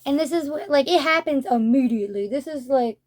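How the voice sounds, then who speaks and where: A woman's voice: sits high, fairly quick, a little hiss or hum. A young adult woman talking casually as she reviews a manga, chatty and rambling, with lots of "like".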